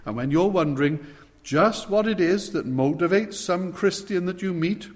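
A man's voice: sits high, normal speed. A man preaching an expository sermon, stressing key words with sudden swells in volume. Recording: long hall reverb.

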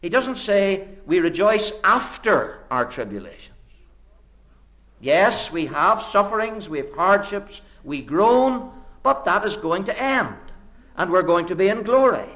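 A man delivering a sermon, his fairly high voice ranging widely in pitch. He builds his points through repeated, rhetorical phrases. He drops to hushed low lines and then rises suddenly for emphasis. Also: very animated, a little slow. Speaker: preacher.

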